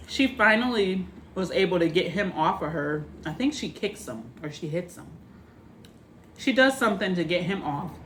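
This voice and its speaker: A woman with a fairly low voice recaps a film plot in a casual, chatty way. She talks straight to her viewers. Faint hiss sits under her voice. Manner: animated retelling, acting out characters' lines; chatty, addresses viewers directly. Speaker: movie reviewer. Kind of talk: casual spoken movie recap.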